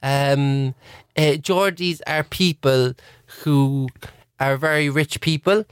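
A man's voice: medium pitch, fairly even intonation, takes it slowly, smooth, no echo, studio quality. A man co-hosting a casual podcast, rambling and giggling often as he talks. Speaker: podcast co-host. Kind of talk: casual chat.

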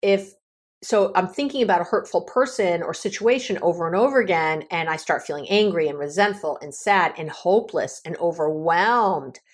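A woman's voice: fairly low pitch, moderate pace. A woman therapist hosting her podcast, talking casually and animatedly, with lots of fillers and tag questions.

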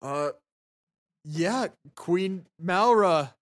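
A man's voice: sits high, expressive, drawn-out words. A man narrating and voicing characters as game master of a tabletop game, with a hesitant manner. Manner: hesitant, lots of ums and restarts.

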